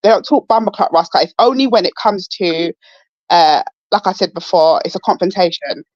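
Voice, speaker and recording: Her voice lowish and the audio dull and dry, a woman caller argues her side in a heated live podcast panel debate. She's halting and repeats words often, restarting as she pushes back.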